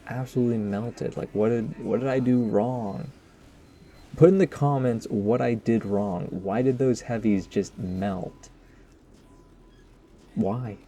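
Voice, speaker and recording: A man's voice: mid-range voice, slow, pauses often, warm tone, a little hiss or hum. A man giving casual, rambling post-game commentary over his own gameplay, joking at his own expense and tossing asides to viewers. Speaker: gaming commentator.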